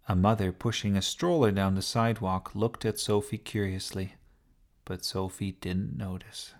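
A man calmly narrating a children's story with a gentle, unhurried reading. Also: on the low side.

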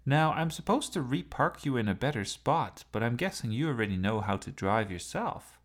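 A man's voice: medium pitch, animated, normal speed, pitched above the performer's own voice, natural voice. A man voicing an eager, impulsive young male student with an earnest manner.

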